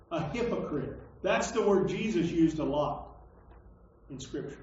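A pastor preaching a conversational sermon, stumbling over and repeating words, then landing emphatic points. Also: male voice, a little high, expressive, measured pace, darkish tone, recorded from a distance. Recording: echoey hall, dull lo-fi sound.

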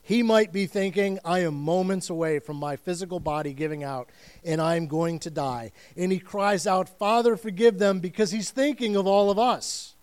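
A man's voice: sits high, normal speed, darkish tone, clean tone. A man preaching a sermon as pastor, telling the story in earnest and vivid detail and repeating phrases for weight.

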